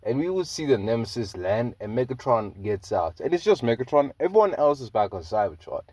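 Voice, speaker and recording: A man's voice: medium pitch, big pitch swings, fairly quick, darkish tone, no room sound. A man telling a fan-made story in a rambling, slangy way, with many fillers.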